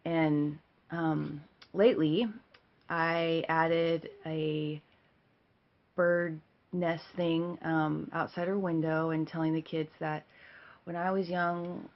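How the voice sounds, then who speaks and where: A woman's voice: deep voice, little pitch movement, slow, lo-fi sound. A middle-aged woman and mother giving heartfelt thanks, rambling with many fillers. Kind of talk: heartfelt personal message.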